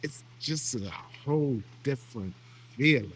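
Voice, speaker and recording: A man's voice: mid-range voice, animated, measured pace, a bit bright, slight background noise. A man talking in a casual conversation, plain-spoken and emphatic.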